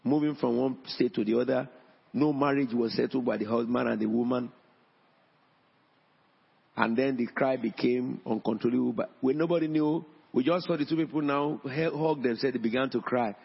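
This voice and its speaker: A man preaching a sermon in a church, emphatic, with his pitch rising on key points. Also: moderate pace, vocal fry, slightly rough. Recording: dull sound in a long-echo hall.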